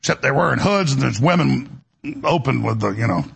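A middle-aged male radio host with a gravelly, raspy voice, delivering a preachy, impassioned monologue and acting out the voices he quotes. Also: medium pitch, lively intonation, a little fast, a bit bright.

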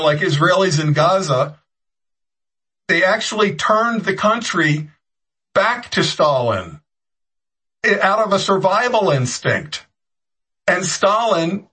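A man with a husky, slightly high voice delivers heated political commentary. He rambles, often restarts his sentences, and throws in sarcastic jabs. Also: bright, forceful tone, low-quality recording.

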